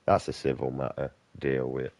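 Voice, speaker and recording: A man's voice: rumbling low, monotone, fairly quick, creaky, a little mellow. A man giving casual gameplay commentary, ranting bluntly and swearing a lot. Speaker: game streamer.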